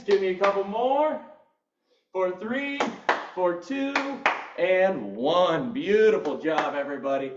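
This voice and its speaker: A man's voice: a little high, very animated, normal speed, noisy background. A male fitness instructor cueing a live workout class, upbeat and encouraging as he counts down reps. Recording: roomy echo, distant mic, dull sound.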